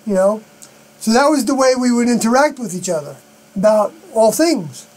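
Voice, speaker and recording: A man talking alone on a live stream, rambling and halting, with many fillers and unfinished sentences. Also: very high-pitched, animated, a little mellow, poor audio. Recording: mains hum behind the voice.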